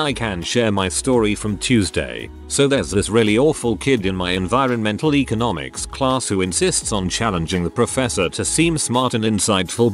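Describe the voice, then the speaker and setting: A man narrating online stories in a scripted, storytelling delivery. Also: fairly low pitch.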